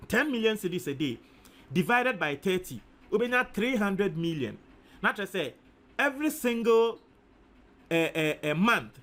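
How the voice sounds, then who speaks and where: High-voiced Ghanaian man calculating aloud. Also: fairly bright tone. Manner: thinks aloud, repeats figures, mixes in Twi. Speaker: news commentator. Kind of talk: casual commentary, working out sums aloud.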